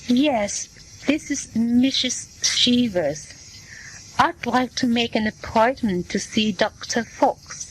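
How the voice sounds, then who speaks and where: A woman's voice: a little high, animated, slight background noise, rough recording. A woman reading as a patient booking a visit. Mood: plain. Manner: slow, plain reading voice. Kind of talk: scripted dialogue for learners.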